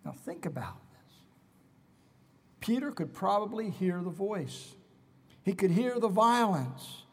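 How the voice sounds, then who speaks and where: Man preaching, high lively voice, husky edge, long hall echo, dramatic swings to whispers. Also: takes it slowly. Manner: dramatic, swings from loud emphasis to hushed whispers. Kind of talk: sermon.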